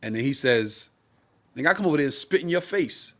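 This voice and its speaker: Animated man telling a profane story. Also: mid-range voice, fairly quick. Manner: animated, profane anecdote with acted-out voices. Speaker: comedian and co-host. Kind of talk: storytelling on a live-streamed talk show.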